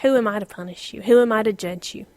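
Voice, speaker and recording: A middle-aged woman gives an informal Bible lesson with a lively, expressive delivery. She laughs often and sinks into a whisper to stress a point. Her voice sounds dry and close, with a mid-range pitch. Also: fast, no room sound. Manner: animated, laughs often, drops to a whisper for emphasis. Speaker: Bible teacher.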